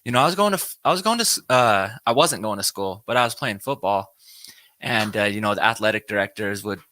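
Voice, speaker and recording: A man in his thirties telling his recovery story in a relaxed, rambling way, often adding "you know what I mean". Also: fairly low pitch, quick pace, no room sound. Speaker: podcast co-host sharing his recovery story. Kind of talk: casual conversation.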